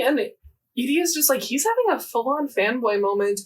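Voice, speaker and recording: Her voice sits high, with a breathy edge, expressive at a normal speed and captured from afar. She's a young podcast co-host rambling animatedly through a casual recap of a game event, full of fillers and quoted lines.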